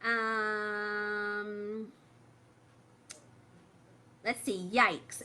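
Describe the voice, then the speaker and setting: A woman's voice: medium pitch, fairly even intonation, drawn-out words, pauses often, bright, forceful tone. A woman hosting a parents' livestream, chatting casually with many fillers and reading viewer comments aloud, with a phone held close. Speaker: host of a parent membership group.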